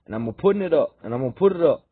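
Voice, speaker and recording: Man, rambling and repetitive, fervent, raised voice, husky, tinny lo-fi sound. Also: a little high, lively intonation, very fast, dry recording. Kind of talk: rambling monologue to camera. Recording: tinny phone-like dry recording.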